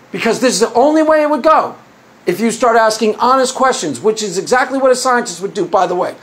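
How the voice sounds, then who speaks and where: A man's voice: extremely high pitch, fairly bright tone. A man hosting his own video as a Christian apologist, arguing his case in a sarcastic, combative monologue with frequent restarts. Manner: argumentative, sarcastic, mocks opponents' views; repeats and restarts phrases. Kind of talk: opinionated monologue to camera.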